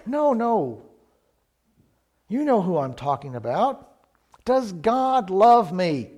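A man's voice: high voice, sing-song, takes it slowly, a little mellow, heavily acted. A man voicing a dying elderly woman in a sermon story, pleading and incredulous.

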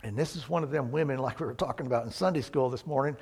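A man preaching a sermon, earnest and unhurried, who gets louder on the points he stresses. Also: medium pitch, husky. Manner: slow, earnest, rises in volume on key points.

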